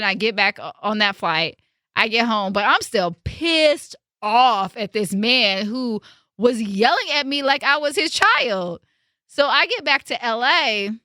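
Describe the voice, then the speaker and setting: A young woman hosting a podcast, telling a story in a casual, animated and emphatic way, with some swearing. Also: a little high, moderate pace, no room sound, studio quality. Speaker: podcast host.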